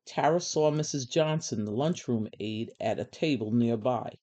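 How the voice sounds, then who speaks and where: A woman reading a children's story aloud, gentle and measured. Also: extremely low pitch. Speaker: storybook reader.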